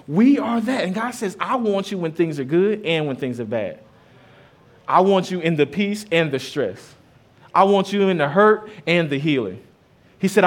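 A man in his thirties, a pastor giving a sermon in a conversational way, mixing scripture with stories about his kids. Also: high-pitched. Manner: conversational preaching with personal stories, rising and dropping loudness.

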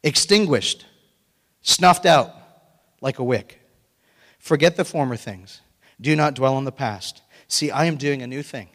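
Energetic pastor preaching in a reverberant hall. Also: male voice, mid-range voice, unhurried, pauses often. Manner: animated, breaks into excited shouting and laughter. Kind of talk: sermon. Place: church sanctuary.

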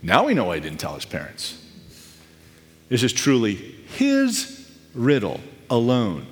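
A man in his thirties preaching a sermon, telling stories in a conversational, animated way with asides. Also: medium pitch, measured pace. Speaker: pastor. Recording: echoey hall with long reverb.

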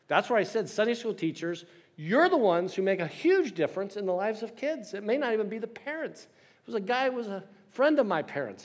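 A man in his sixties preaching a sermon with storytelling and self-deprecating humor. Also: high-pitched. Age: 60s. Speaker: pastor.

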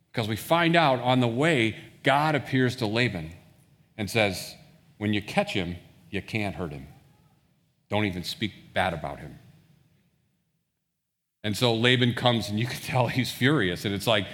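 A man's voice: mid-range voice, animated, moderate pace, long pauses, a bit bright. Man preaching in an echoing hall. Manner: retells scripture story, acting out voices of characters. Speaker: pastor. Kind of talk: sermon. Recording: long reverb of a large hall.

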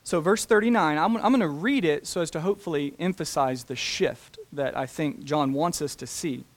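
A man preaching a sermon, talking deliberately and slowing down to stress key phrases. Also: fairly high pitch. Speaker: pastor.

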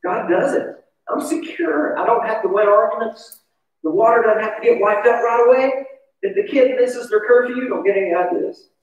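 A man's voice: extremely high pitch, moderate pace. A pastor giving a sermon in a conversational, confessional way, often asking his listeners questions. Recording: distant, echoey, dull church recording.

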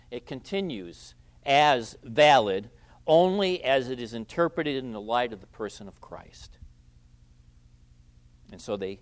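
A man preaching an expository sermon, who stresses key phrases loudly, repeats them and lets his phrase endings drop quiet. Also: medium pitch. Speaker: pastor.

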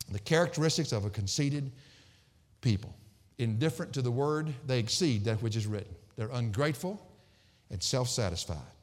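A middle-aged male pastor preaching a sermon, emphatic and swinging from loud sarcastic peaks down to quiet low endings. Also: lively intonation, moderate pace. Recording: hall reverb.

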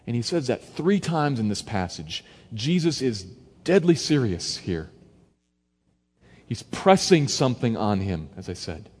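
A man with a mid-range voice preaches in an easy, conversational way, walking through a passage verse by verse. He pushes his voice up and louder to stress key lines and act out quotes. The sound has the long reverb of a large hall. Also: medium pitch, very animated, measured pace. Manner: conversational, varies loudness for emphasis, acts out quotes. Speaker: pastor. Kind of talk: expository sermon.

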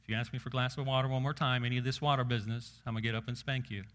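A man voicing a tired mother who delivers a quick, clipped warning to her child. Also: mid-range voice, steady tone, fairly bright tone, close to an everyday voice. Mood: stern. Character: tired mother, stern and fed up.

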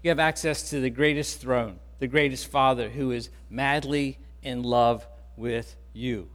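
A man pastor preaching a sermon in an earnest, conversational way, softening on key words. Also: mid-range voice, steady tone, measured pace, long reverb tail.

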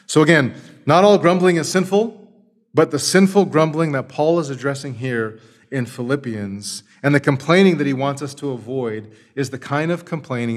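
Emphatic preaching man, loud and soft. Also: mid-range voice. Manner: emphatic preaching, rhetorical questions, swings between loud and soft. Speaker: pastor. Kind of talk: sermon.

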